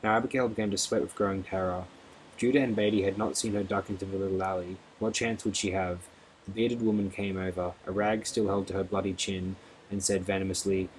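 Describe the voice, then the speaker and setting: A man reading a novel aloud as an audiobook narrator, steady and expressive. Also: low-pitched, brisk, a little hiss or hum, low-quality recording.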